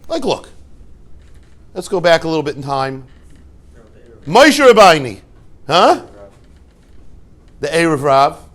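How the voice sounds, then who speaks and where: Rabbi guy giving a torah class, kinda high voice, tells stories n jokes, lots of "how do you like that?" type questions. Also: takes it slowly, pauses often. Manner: animated storyteller, rhetorical questions, joking asides. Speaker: rabbi and yeshiva head. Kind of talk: informal Torah talk to a class.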